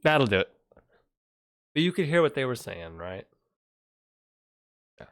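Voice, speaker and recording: A man's voice: medium pitch, very animated, unhurried, fairly bright tone. A man chatting casually on his livestream, mumbling and thinking aloud as he fixes his audio at a desk microphone.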